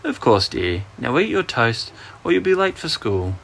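A man's voice: medium pitch, sing-song, moderate pace, gravelly, a bit bright, slight background noise, voice pushed up. A man with an Australian accent voicing a busy, dismissive mother in a bedtime story, in a raised, breezy voice.

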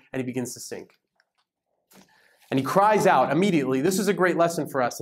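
A man leading a Bible study, teaching in a lively, conversational way and giving verses dramatic emphasis. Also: a little high. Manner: animated, emphatic, reads verses aloud with dramatic stress. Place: church meeting room.

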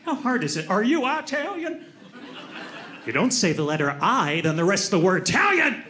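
A man's voice: on the high side, very animated, fast talker, bright, forceful tone, a little hiss or hum. A man doing a stand-up comedy routine on a club stage, ranting in a grumpy, exasperated way into a handheld mic.

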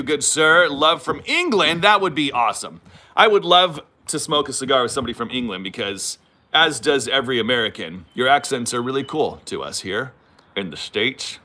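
Californian man in his thirties, livestream host, animated and bright, drifts and jokes at his own expense. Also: medium pitch. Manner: rambling and self-mocking, reads viewer comments aloud. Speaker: channel host. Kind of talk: casual livestream chat. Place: home, moves about the property. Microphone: phone.

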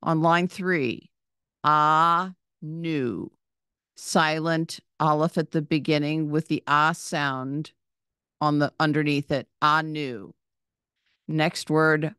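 Lady teaching reading word by word, super slow, low voice, says each word twice. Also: fairly bright tone, smooth, dry recording, studio quality. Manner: patient, repeats each word, spells out letters and vowels.

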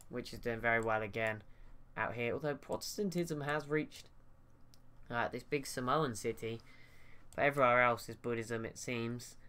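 A man's voice: mid-range voice, a bit bright, clear, resonant tone. A man giving casual, thinking-aloud commentary over a strategy game, often restarting his sentences. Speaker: gaming YouTuber.

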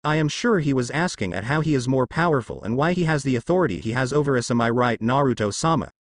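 A man voicing a shy young woman goddess who stutters, speaking gently and politely. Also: mid-range voice, expressive, fast talker, no room sound, clean studio sound, lightly acted.

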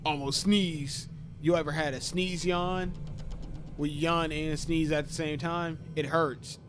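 A man's voice: fairly high pitch, steady tone, a little slow, background noise. A man in his thirties with a sore voice from talking too much, joking to himself and yelping at scares as he plays a horror game. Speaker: gaming YouTuber.

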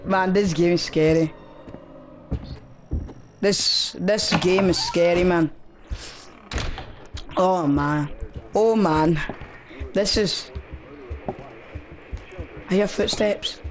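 A man's voice: high-pitched, very slow, pauses often, a little hiss or hum. A man commentating on a horror game as he plays, talking to himself in a nervous, frightened way. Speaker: gaming channel host.

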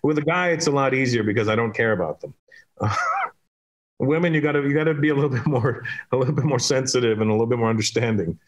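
A comedian from Canada chats as a podcast guest, telling lively stories. He acts out each exchange, switching between his own lines and other people's. His voice sits at an ordinary middle pitch for a man. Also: fast, lo-fi sound, background noise. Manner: animated, acting out dialogue in his stories. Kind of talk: casual chat and storytelling.

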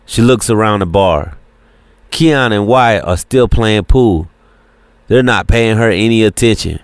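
A man narrating an audiobook in a steady, plain reading. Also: fairly low pitch. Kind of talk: scripted narration.

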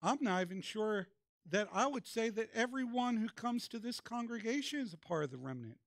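A man's voice: high voice, lively intonation, fairly quick, dry recording, clean studio sound. A man, a pastor, preaching a sermon and calling on the congregation to answer back. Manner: preaching with call-and-response prompts. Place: church.

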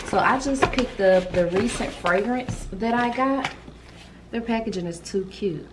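A woman's voice: medium pitch, a little slow, noisy background. A woman, chatting casually and gushing to viewers as she unboxes gifts for her vlog, filmed on a handheld camera. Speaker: vlogger.

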